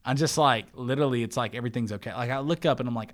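A man's voice: medium pitch, very fast. A man in his thirties who works in church media, telling a story in loose, rambling casual chat and calling his listener man and bro.

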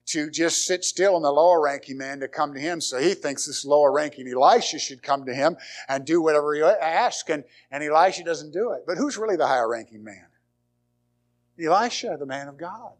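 A man preaching a sermon as pastor, his voice sitting a touch high. He swings between loud, emphatic lines and near whispers. He often restarts phrases and repeats words as he goes.

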